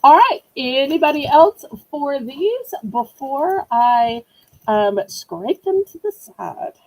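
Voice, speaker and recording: A woman's voice: high voice, sing-song, slow pace, low-quality recording. A woman with a Southern US accent running a live online auction, chatty and playful, teasing herself as she sells. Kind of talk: live-stream auction chat.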